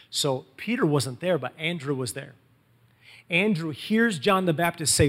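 A man preaching a sermon, telling the story in a lively, casual way and acting out quotes in everyday slang. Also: a little high, normal speed, in a large hall. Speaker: pastor.

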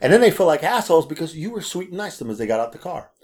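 A man telling stories in a casual chat, animated and swearing freely. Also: a little high, rapid-fire. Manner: animated storyteller, acts out quotes, swears freely. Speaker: podcast co-host.

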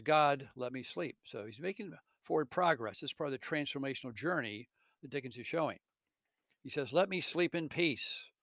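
An earnest man walks through a classic novel scene by scene, stopping to explain what it means. His pitch sits in the middle for a man. The recording is close and dry, with no room sound. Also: a bit bright, dry recording. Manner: earnest, with self-corrections. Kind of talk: retelling a story with commentary.

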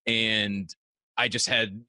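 A man speaking casually and confessionally, halting and restarting often. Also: fairly low pitch, level tone, bright, forceful tone, no room sound. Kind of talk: casual conversation.

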